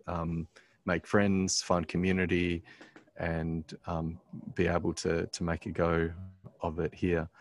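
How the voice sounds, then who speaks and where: Deep-voiced man, halting storyteller. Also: monotone. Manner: halting, many "um"s and restarts. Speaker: pastor, guest. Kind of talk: conversational storytelling.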